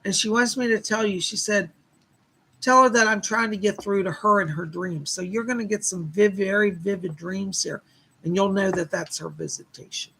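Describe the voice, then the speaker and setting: Gravelly, bright-voiced male psychic. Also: sits high, fairly even intonation, normal speed, a little hiss or hum. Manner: chatty, relays spirit messages with constant "she said"; warm thanks to viewers for donations. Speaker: psychic medium hosting live readings. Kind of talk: live-streamed psychic reading.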